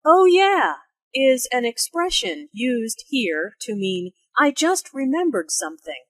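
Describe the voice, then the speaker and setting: A woman explaining English phrases and their intonation in a slow, careful teaching voice. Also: no room sound. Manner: slow, careful, with lively pitch for spoken examples. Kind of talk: slow, clearly articulated teaching narration and dialogue.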